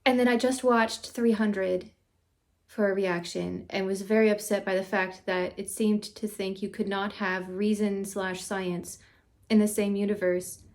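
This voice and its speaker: Gushing woman reviewing a show. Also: medium pitch. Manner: gushing, effusive, excitable. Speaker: reaction video host. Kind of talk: casual reaction and review.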